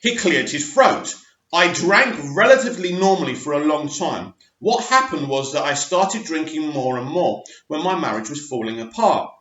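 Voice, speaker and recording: A man's voice: a little high, animated, moderate pace, a bit bright, roomy sound, muffled recording. A man in his forties reading an article aloud and adding chatty asides, often stumbling and restarting. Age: 40s. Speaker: movie news vlogger.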